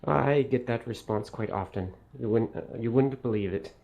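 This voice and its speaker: A man's voice: medium pitch, moderate pace, creaky, warm tone, natural voice. A man playing a cool, evasive Fae traveler. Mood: cool, wry. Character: aloof, mysterious Fae traveler.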